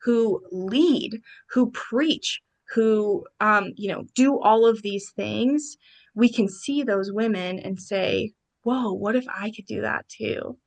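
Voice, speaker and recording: A woman, a podcast guest, telling a personal story in an animated way and quoting her friends in lively bursts. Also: medium pitch, slow, creaky.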